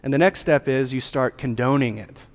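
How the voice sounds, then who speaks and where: A man's voice: medium pitch, normal speed. A man preaching a sermon as a pastor, with a casual, joking, conversational delivery. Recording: long hall reverb.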